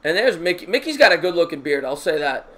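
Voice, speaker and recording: High-voiced excitable amateur baseball play-by-play man. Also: quick pace. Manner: excitable, raises voice on big hits; jokey, chatty asides to viewers. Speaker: streamer doing play-by-play. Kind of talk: live-stream baseball play-by-play with chat shout-outs.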